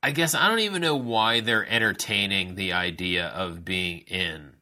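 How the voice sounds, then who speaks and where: A man co-hosting a casual podcast, speaking in a measured, slightly hesitant way. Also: low-pitched, sharp tone. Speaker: podcast co-host. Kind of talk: casual wrestling talk.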